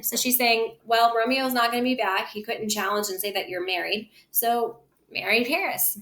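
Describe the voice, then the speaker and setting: A woman's voice: on the high side, steady tone, normal speed, hardly any pauses, fairly bright tone. Woman reading a play aloud for a class. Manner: switches between acted lines and casual explanation. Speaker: teacher reading and explaining a play. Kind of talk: dramatic reading with plain paraphrase.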